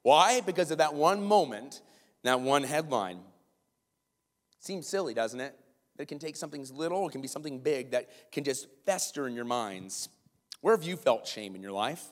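Animated storytelling man in a reverberant hall. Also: medium pitch, moderate pace. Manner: animated storytelling with quoted voices. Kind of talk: sermon illustration story.

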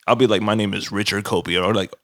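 A man with a low, nasal voice and a gravelly edge, chatting loosely on a podcast. He laughs a lot and slips into impressions of people on the phone. The sound is dry and close. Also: fairly even intonation, quick pace, fairly bright tone, no room sound. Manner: laughs often, mimics callers. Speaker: podcast co-host. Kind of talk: casual chat.

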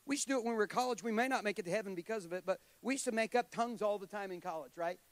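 A man's voice: sits high, rapid-fire, dry recording. A middle-aged man preaching a sermon to a congregation, conversational and joking, with self-deprecating asides. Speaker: guest preacher.

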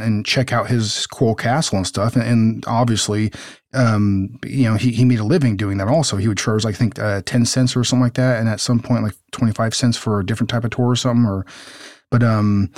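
A man's voice: mid-range voice, steady tone, a little fast, a little mellow, no room sound, studio quality. Rambling, swearing man in casual chat. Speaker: podcast co-host.

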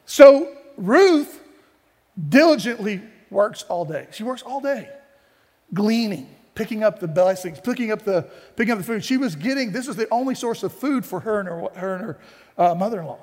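A man's voice: high voice, animated, moderate pace, darkish tone. A male pastor preaching a sermon, telling the story in a conversational, playful way with asides, in a church sanctuary. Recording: long hall reverb.

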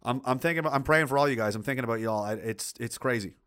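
A man's voice: mid-range voice, very fast, fairly bright tone. A middle-aged man hosting a livestream who reads viewer chat aloud and rants bluntly and profanely, with lots of rambling restarts. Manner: blunt and profane, heated outbursts. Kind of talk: casual ranting commentary.

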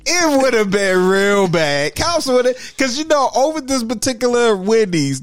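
Animated man telling a funny story. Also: very high-pitched, normal speed, few pauses, clear, resonant tone, no echo, studio quality. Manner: animated, acts out everyone in the story. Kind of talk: casual storytelling.

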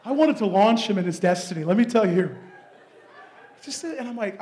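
A man from Canada preaching and telling a story in an animated way, often laughing and shouting. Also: high voice, normal speed. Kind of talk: sermon storytelling.

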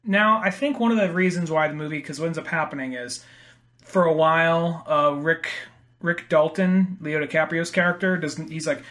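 A man's voice: on the high side, fairly even intonation, moderate pace, fairly bright tone. A man co-hosting a casual movie talk, rambling and acting out quotes with casual swearing.

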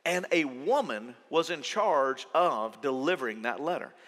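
A man preaching a sermon as pastor, animated, acting out worried voices. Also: on the high side, measured pace. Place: church auditorium. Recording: long church hall reverb.

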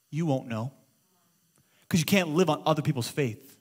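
A middle-aged man preaching a sermon as pastor, moving between loud exclamations and hushed storytelling. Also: a little high, normal speed, pauses often, breathy edge. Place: church auditorium.

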